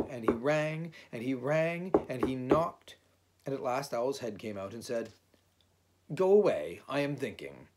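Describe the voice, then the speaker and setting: A man narrating a children's storybook aloud in an unhurried, expressive way. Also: medium pitch, breathy edge. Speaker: audiobook reader.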